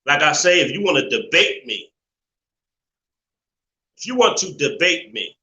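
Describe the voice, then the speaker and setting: Man, live stream host, preachy and opinionated, very bright voice, echoey room. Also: a little high, sing-song. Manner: preachy, opinionated, laughs often, drawn-out emphasis. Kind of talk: live stream call-in talk.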